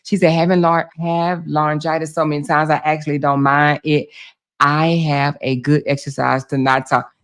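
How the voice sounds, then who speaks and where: A woman with laryngitis hosting a casual livestream, talking loudly to her viewers, full of laughs and exclamations. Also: sits low, normal speed. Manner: loud, laughing, animated, talking to chat as "y'all". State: hoarse with laryngitis. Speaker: livestream host.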